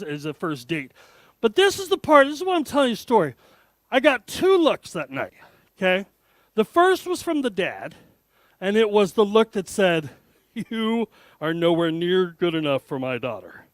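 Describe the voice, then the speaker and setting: A man's voice: high-pitched, dry recording. A man, telling a self-deprecating funny story to an audience as a guest speaker. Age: 50s. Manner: animated, self-deprecating, joking. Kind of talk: humorous storytelling talk to an audience.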